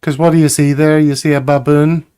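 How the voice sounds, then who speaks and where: A man's voice: on the high side, level tone, a little fast, mellow, smooth. A man hosting a casual chat, joking and laughing at his own jokes. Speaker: podcast host.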